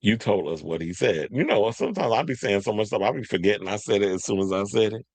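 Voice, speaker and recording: A man with a fairly low voice hosts a loose commentary chat. He talks in an animated, joking way, slipping into mocking impressions. The sound is close and dry. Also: fast talker, husky, dry recording. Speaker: podcast host.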